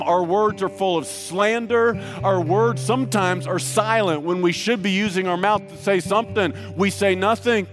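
A man preaching a sermon to a congregation, emphatic, breaking into sung lines and jokes, with faint guitar music behind. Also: high-pitched. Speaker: pastor.

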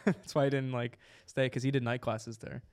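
A man from New Jersey hosting a casual podcast chat, animated and laughing often as he rambles. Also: medium pitch, normal speed. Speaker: podcast host.

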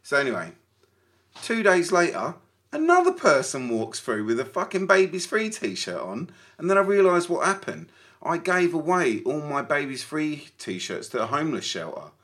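A man chats on a podcast with an animated, stumbling delivery full of restarts. His voice swoops widely in pitch. It has a bright, forceful edge. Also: moderate pace. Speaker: podcast co-host. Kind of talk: casual chat.

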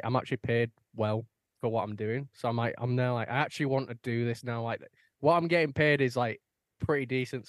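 A man's voice: mid-range voice, dry recording, clean studio sound. A young man, telling stories in casual chat with laid-back swearing.

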